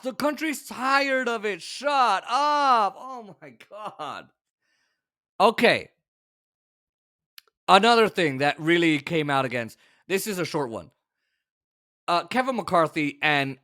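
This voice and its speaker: This man runs a political commentary show, sounding opinionated, sarcastic and fed up, with abrupt shouted outbursts. His pitch leans high.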